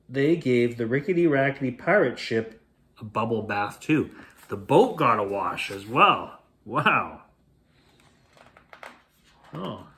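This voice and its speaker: Expressive man reading a bedtime story. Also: medium pitch. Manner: expressive, playful. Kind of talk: storybook read-aloud.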